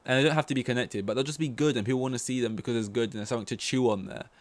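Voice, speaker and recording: A man's voice: medium pitch, racing, no room sound. A man hosting a solo podcast, rambling casually through opinions with lots of fillers and swearing. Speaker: podcast host.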